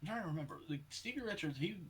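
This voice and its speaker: A man co-hosting a podcast in casual chat, rambling with halting restarts and loose swearing. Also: a little high, lively intonation, slight background noise. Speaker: podcast co-host.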